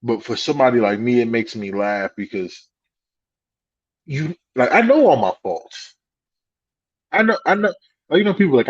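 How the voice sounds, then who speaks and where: A man co-hosting a podcast in casual chat, telling animated stories, swearing freely and laughing at himself. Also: medium pitch, normal speed, pauses often, slightly rough, dry recording, dull audio. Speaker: podcast co-host.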